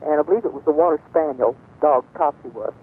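A woman's voice: sits low, fast talker, husky. Older woman reminiscing over a tinny line. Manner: rambling storyteller, many fillers. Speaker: radio guest. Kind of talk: reminiscing on a call-in radio show. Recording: tinny phone-line sound.

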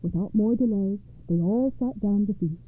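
A woman narrating fairy tales for a radio program in a measured, expressive storytelling manner. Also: medium pitch. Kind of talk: fairy tale read-aloud narration. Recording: tinny phone-like radio sound.

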